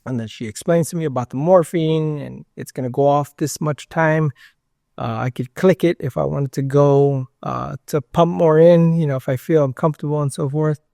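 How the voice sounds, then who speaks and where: A man's voice: on the high side, steady tone, moderate pace, gravelly, dark tone, no room sound, clean studio sound. A man as an interview guest, telling a personal story in a rambling way, full of "like" and "you know" and re-enacted dialogue.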